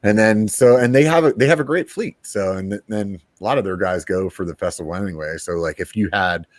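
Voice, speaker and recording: A man's voice: fairly low pitch, brisk, no room sound. A man hosting a podcast in casual chat, rambling and laid-back with lots of fillers and the odd swear word. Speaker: podcast host.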